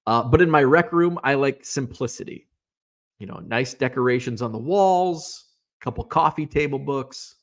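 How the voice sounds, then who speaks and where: A man's voice: medium pitch, moderate pace. A man hosting a casual live stream about sports cards, chatting loosely and answering viewer comments with lots of fillers and restarts.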